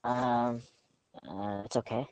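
A man co-hosts a casual podcast in a middle-pitched voice. He answers in short, hesitant bits with plenty of fillers. Now and then he slips in a dry sarcastic remark. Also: fairly even intonation, takes it slowly, a little mellow, clean tone, muffled recording. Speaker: podcast co-host.

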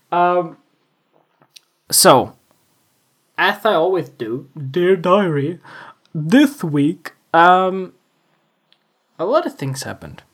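A man's voice: high-pitched, very animated, very slow, pauses often. A man hosting a casual solo podcast, rambling and joking about his week, laughing at himself often. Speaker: podcast host. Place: home room with window open.

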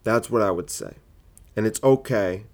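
A man's voice: lowish voice, normal speed, a little mellow. A man, a comedian, arguing his point in a solo podcast monologue, full of rhetorical questions and fillers.

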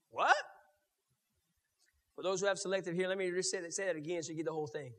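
A man pastor preaching a sermon, swinging from loud to murmured and mimicking churchgoers in quick mock voices. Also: sits high, steady tone. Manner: preaching with sharp swings in loudness, dropping to near murmurs. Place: church sanctuary. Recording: long reverb of a church hall.

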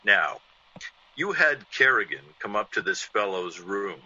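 An actor playing a suave, mysterious male intruder in an old-time radio drama, smooth and quietly mocking. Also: lowish voice, big pitch swings, measured pace, exaggerated voice. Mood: calm, teasing. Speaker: uninvited visitor. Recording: dull lo-fi old radio broadcast.

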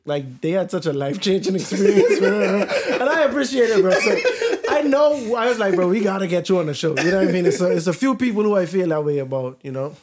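A man's voice: sits high, big pitch swings, brisk, over a noisy crowd. A man co-hosting a faith podcast in casual chat, laid-back and peppering his talk with "bro" and "you know what I mean". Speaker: podcast co-host.

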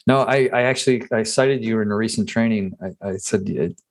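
A man with a low voice hosts a casual podcast interview. He stumbles and restarts his sentences often as he searches for words. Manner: halting, many restarts and fillers. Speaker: podcast host.

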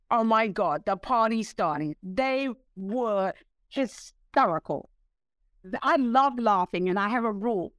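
A woman in her sixties, a guest telling stories in a casual interview, animated and laughing, acting out what others said. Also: mid-range voice, no room sound. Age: 60s. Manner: animated, laughing, acts out quoted voices.

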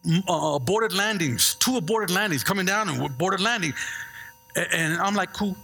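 A middle-aged man preaching a sermon as a pastor, telling stories with lively asides and checking in with the congregation. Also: high-pitched, normal speed, gravelly, husky, soft background music. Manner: animated storytelling with call-and-response asides.

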